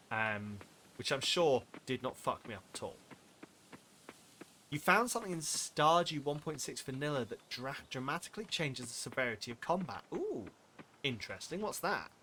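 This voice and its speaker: A man's voice: medium pitch, pushed and bright, a little hiss or hum. A young man streaming a farming game, chatting to his viewers in a rambling, self-mocking way. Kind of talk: casual live-stream chat while playing. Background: game music.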